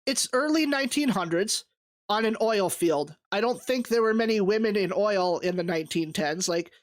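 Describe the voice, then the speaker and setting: Co-host, casual film chat, reflective and halting, medium pitch. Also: animated. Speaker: podcast co-host.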